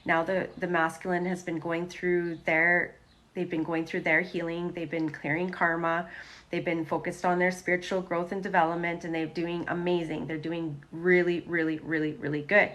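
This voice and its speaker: A woman with a slightly low voice reads tarot on a casual livestream. She talks straight to the camera and repeats words as she goes. She is recorded on a phone or webcam mic. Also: little pitch movement, moderate pace, fairly bright tone. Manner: chatty, repetitive, talks to the camera. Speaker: tarot reader.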